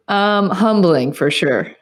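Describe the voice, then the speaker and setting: Woman podcast guest, medium pitch, easy laughs, short agreeable replies. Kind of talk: casual interview chat.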